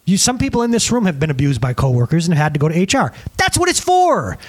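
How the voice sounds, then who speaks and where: A man's voice: a little high, fast talker. A man preaching a sermon as pastor and counselor, talking animatedly to the congregation and acting out the conversations he quotes. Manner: animated, addresses the congregation as "guys".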